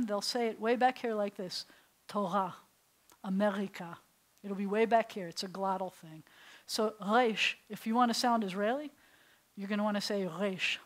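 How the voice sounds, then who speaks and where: Recorded roughly, this clip has a woman with a voice on the high side. She's a middle-aged rabbi lecturing an adult beginners' Hebrew class in a synagogue classroom, asking the students questions and sharing stories along the way.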